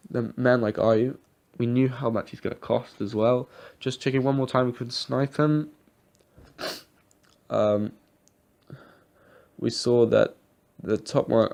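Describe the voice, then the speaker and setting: A man's voice: medium pitch, gravelly, darkish tone. A young man giving rambling, casual commentary over his football game footage, swearing now and then. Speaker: gaming YouTuber.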